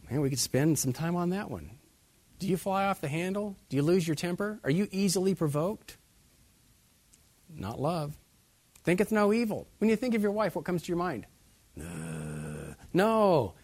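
A man's voice: high-pitched, dry recording. A man preaching a sermon as pastor, putting many direct questions to his listeners.

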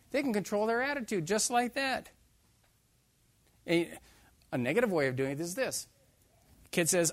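A man preaching a sermon, emphatic and animated, joking with his listeners. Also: sits high, a little fast, pauses often, no echo. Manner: emphatic, animated, jokes with the congregation.

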